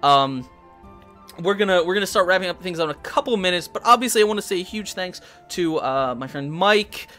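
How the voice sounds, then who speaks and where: Chatty host with a bright voice. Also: male voice, sits high, animated, a little fast, soft background music. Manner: rambling, many restarts, bursts into put-on voices. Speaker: host and dungeon master. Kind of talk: casual live-stream chat.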